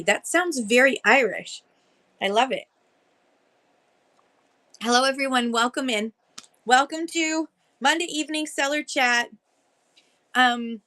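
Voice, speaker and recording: A woman's voice: high voice, unhurried, long pauses, pushed and bright. A woman hosting a casual livestream chat, greeting viewers one by one by name in a bubbly, chatty way. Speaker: livestream host greeting sellers.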